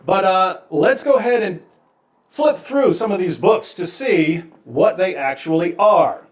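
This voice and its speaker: Calm wry man in an echoey room. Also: high-pitched, unhurried. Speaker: video creator. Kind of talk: explanatory monologue.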